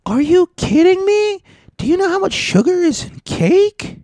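A man mimicking a shrill, indignant middle-aged woman customer with mocking, exaggerated outrage. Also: big pitch swings, a little slow, a little mellow, no room sound, studio quality, exaggerated voice.

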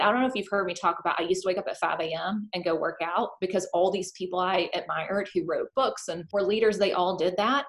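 A woman talking casually and openly, full of "like" fillers, who acts out her own thoughts in quoted voices. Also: mid-range voice. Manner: chatty, animated, filler-heavy with lots of "like". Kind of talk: casual chat.

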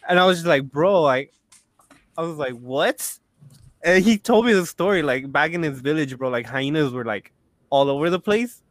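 A man's voice: a little high, expressive, a little fast, dry recording. A young man co-hosting a podcast, chatting casually, laughing often and saying "bro" constantly. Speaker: podcast co-host. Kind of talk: casual chat.

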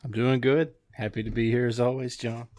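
A man's voice: mid-range voice, little pitch movement, a little fast, a little mellow, a little hiss or hum. A man co-hosting a casual movie review podcast, laid-back and wry. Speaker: podcast co-host.

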